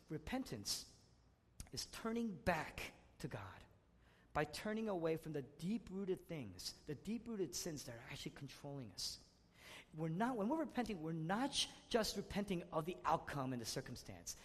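A man preaching a sermon, swinging between loud emphatic passages and hushed, intimate ones. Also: fairly high pitch, sing-song, normal speed. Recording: long hall reverb.

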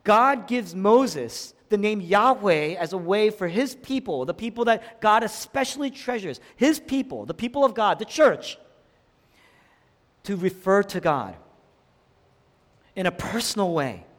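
High-voiced preacher in a reverberant hall. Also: male voice, sing-song, normal speed. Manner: dramatic, swings between loud emphatic lines and hushed low ones. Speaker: pastor. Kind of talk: sermon.

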